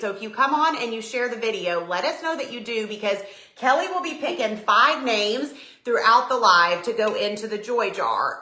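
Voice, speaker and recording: A middle-aged woman from Tennessee with a Southern accent, chatting casually and warmly greeting viewers by name on her live stream. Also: medium pitch. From Tennessee, USA. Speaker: decor business owner hosting a live stream. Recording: echoey room.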